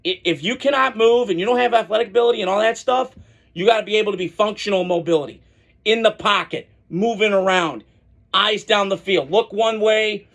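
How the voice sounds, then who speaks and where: A high, fairly bright male voice with vocal fry moves a little fast. He's the solo host of a college football podcast, and his opinionated, casual commentary keeps drifting into tangents and restarting.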